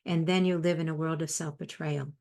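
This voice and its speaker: A woman's voice: low-pitched, steady tone, fairly quick, vocal fry, a little mellow. A woman in her fifties or older, a psychotherapist giving a motivational talk in a conversational way, mixing in personal stories. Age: 50s or older. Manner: conversational, tells personal anecdotes. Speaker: psychotherapist and speaker.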